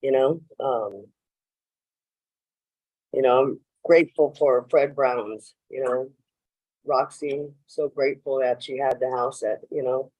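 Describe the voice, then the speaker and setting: At a recovery meeting, a woman shares her personal story in a rambling way, saying "you know" a lot and acting out what people said. Her voice is a rumbling low with a steady, darkish tone, slow with long pauses, in a meeting room on a rough recording.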